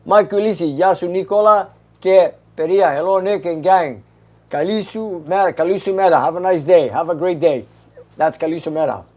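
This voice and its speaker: A man's voice: a little high, fairly quick. A man hosting a casual livestream, reading viewer comments aloud and answering them briefly with an easy laugh. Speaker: host reading live chat questions.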